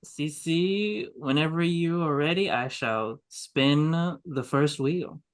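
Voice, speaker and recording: Slow, wry, chuckling co-host. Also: medium pitch. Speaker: podcast co-host running a game wheel. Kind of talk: casual chat with mock-grand game hosting.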